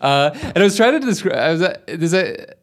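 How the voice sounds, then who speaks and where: A man's voice: sits high, sing-song, a little fast. A man co-hosting a casual movie podcast, rambling and hesitant with many fillers and restarts. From Canada. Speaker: podcast co-host.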